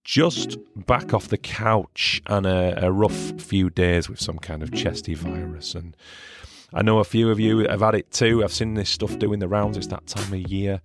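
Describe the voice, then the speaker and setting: A man in his forties with a husky voice from a chest virus, chatting casually and rambling a bit as a solo podcast host. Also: low voice, fairly even intonation, unhurried, music in the background. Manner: chatty, rambling, self-deprecating.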